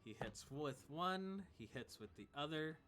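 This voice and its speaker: Male game master, crisp voice, faint room hum behind, easygoing narration. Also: on the high side, unhurried. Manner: relaxed, chuckling narration of combat.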